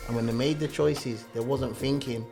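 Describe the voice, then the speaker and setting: A man speaks as a guest on a casual podcast, earnest and measured, often restarting with repeated words as he builds his point. His voice is mid-pitched for a man, with faint music underneath. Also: steady tone, vocal fry. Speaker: guest, gospel rapper and youth worker.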